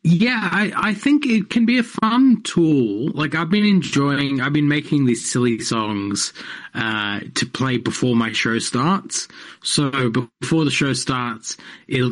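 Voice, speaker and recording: A man in a radio studio talks loosely about his comedy work. He restarts his sentences, stumbles over words and laughs often, and his voice sits at an ordinary middle pitch. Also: a bit bright. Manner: rambling, self-interrupting, laughs often. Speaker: comedian guest. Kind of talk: casual interview chat.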